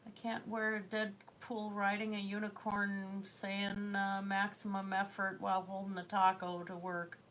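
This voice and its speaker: A woman's voice: medium pitch, monotone, measured pace, few pauses, a bit bright, slight background noise. A woman chatting casually while she paints on a livestream, rambling with fillers and self-corrections. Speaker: artist livestreaming a painting session.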